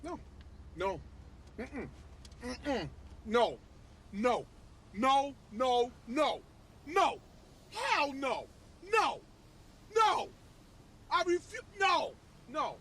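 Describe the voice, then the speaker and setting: A man's voice: very high-pitched, big pitch swings, drawn-out words, long pauses, bright, forceful tone, a little hiss or hum, voice pushed up, heavily acted. A man doing an impression of a frantic, jealous man who pleads and refuses again and again. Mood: refusing. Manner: desperate, repeating refusals over and over.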